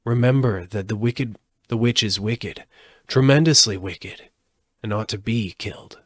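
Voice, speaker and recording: A man voicing a stern, commanding magical head in a storybook reading, giving slow, solemn decrees. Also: fairly low pitch, no room sound, clean studio sound.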